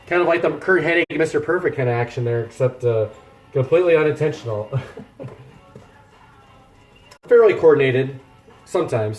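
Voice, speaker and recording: Here a cooking streamer's a little high voice rings in a reverberant space. He chats casually with viewers and live chat while cooking at home, rambling along and joking at his own expense.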